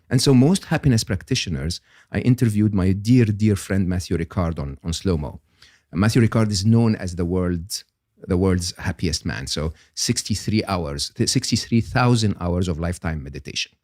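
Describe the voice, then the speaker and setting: An older man, a guest on an interview podcast, explaining ideas in an animated, emphatic way and often checking in with "okay?". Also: low voice, normal speed, dry recording, studio quality.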